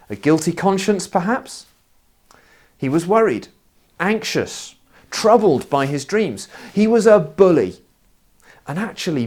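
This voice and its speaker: A man delivers a sermon at an unhurried pace, his voice rising and falling in a lively way. He tells stories with a wry, expressive touch, his pitch sitting mid-range for a man. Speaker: preacher. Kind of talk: sermon with personal storytelling.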